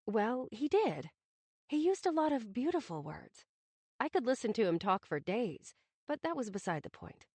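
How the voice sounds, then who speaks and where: A woman's voice: a little high, big pitch swings, normal speed, a little mellow, husky, no echo. A woman narrating a first-person romantic comedy audiobook in a wry, self-conscious manner, from a studio booth on a close mic.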